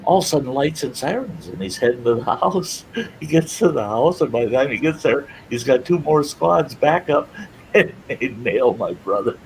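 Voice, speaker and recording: A middle-aged man spinning a yarn from his youth, chuckling along the way. His pitch swings widely as he gets into it, over a faint hiss behind him. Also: moderate pace, poor audio. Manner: animated, laughs through his story. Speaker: storytelling host. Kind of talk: casual spoken storytelling.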